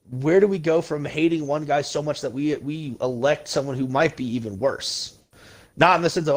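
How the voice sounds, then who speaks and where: A man hosts a podcast where he rants bluntly and casually about politics, heated and swearing plenty. His voice is a little high and animated, at a normal speed.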